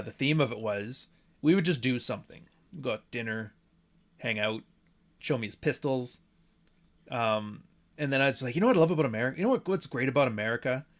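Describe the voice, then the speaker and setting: A man's voice: medium pitch, fairly bright tone. Man rambling casually on his podcast. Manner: rambling, profane, jokey asides. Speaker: podcast host. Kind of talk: casual solo podcast chat.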